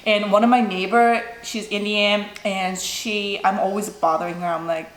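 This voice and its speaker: A woman's voice: mid-range voice, steady tone, moderate pace, slight background noise. A young woman vlogger answering viewer questions in a casual, rambling chat, full of "like" and "you know". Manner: chatty, lots of "like" and "you know". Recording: echoey room.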